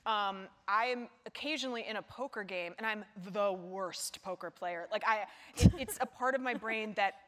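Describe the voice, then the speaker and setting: A woman, the guest author, telling lively anecdotes in a live onstage conversation and acting out the people in them. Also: medium pitch, moderate pace. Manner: animated storyteller who acts out other people's voices. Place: large hall before a live audience. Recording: hall reverb.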